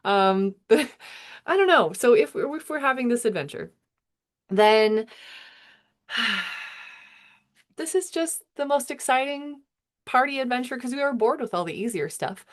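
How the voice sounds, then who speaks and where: A woman's voice: fairly high pitch, animated, measured pace, pauses often. A woman in her thirties, an astrologer musing aloud in a meandering, self-interrupting way with chuckles. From United States. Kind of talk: casual musing monologue.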